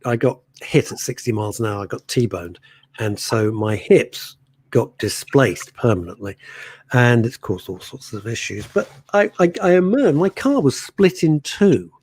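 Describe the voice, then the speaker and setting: Animated radio host with a husky voice. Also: male voice, mid-range voice, measured pace. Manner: animated, theatrical, laughs often. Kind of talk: casual radio chat, reading listener messages.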